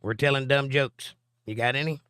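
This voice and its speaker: A man's voice: mid-range voice, steady tone, moderate pace, pushed and bright, smooth, no echo, clean studio sound. A middle-aged man, hosting a live stream and reading viewer comments aloud with a joking, chatty manner. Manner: joking, chatty, answers chat directly.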